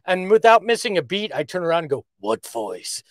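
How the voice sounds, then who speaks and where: Male podcast host, loose and jokey banter, a bit high-pitched, dry mic. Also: animated, fast, no room sound. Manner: jokey, does character voices. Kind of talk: casual sports chat.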